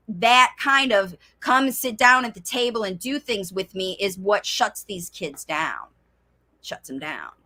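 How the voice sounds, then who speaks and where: A woman speech coach answering viewer questions in a live Q and A, talking directly to parents. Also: a little high. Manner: animated, acts out child's voice. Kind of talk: live Q and A chat.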